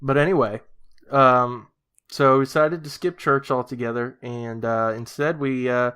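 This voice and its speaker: A man co-hosting a casual comedy podcast, telling absurd stories in a deadpan way, full of ums and uhs. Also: mid-range voice, measured pace, smooth. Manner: deadpan, rambling, many fillers. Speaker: podcast co-host. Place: lives in Brazil.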